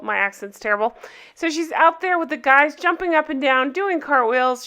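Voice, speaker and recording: A woman hosting a casual recap, chatting in a gossipy, opinionated way with quick asides. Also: high-pitched, sharp tone, clean tone. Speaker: recap host.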